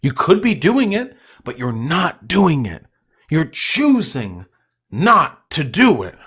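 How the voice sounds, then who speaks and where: A man's voice: fairly high pitch, wildly swooping pitch, slow pace, a bit bright, husky. A young man hosting a livestream, ranting at his chat in a profane, combative and mocking way. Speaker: livestream host.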